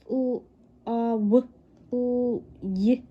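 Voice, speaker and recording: A woman's voice: a little high, fairly even intonation, drawn-out words, breathy edge. A woman reading a novel aloud, stumbling and correcting herself, with chatty asides to listeners. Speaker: reader. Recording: dull lo-fi recording.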